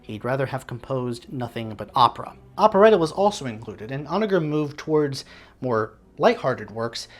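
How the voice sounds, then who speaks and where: A man's voice: medium pitch, big pitch swings, normal speed. A man hosting a classical music channel, reading a scripted educational narration with wry, conversational asides. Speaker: classical music video host.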